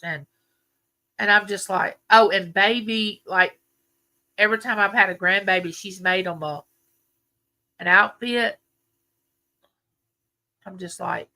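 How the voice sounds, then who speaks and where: An older woman with a drawl hosts a casual live chat, her folksy talk drifting between memories and viewers' comments. Her voice is bright and clear, pitched in a middle range. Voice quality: chatty, folksy, reminiscing. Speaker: livestream host.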